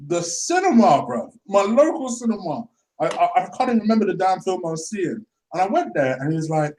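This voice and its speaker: Man, high lively voice, slangy, laughs a lot, echoey room. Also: brisk. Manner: animated, slangy storyteller, laughs often. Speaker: fan channel host. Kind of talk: casual chat.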